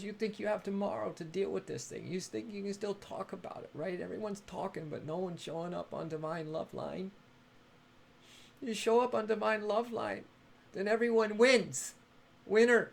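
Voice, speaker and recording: Effusive high-voiced man with gravelly fry. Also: moderate pace, a little hiss or hum. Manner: effusive and affectionate, chatty, laughs often; greets and thanks viewers by name. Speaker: spiritual live-stream host. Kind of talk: live-streamed spiritual talk.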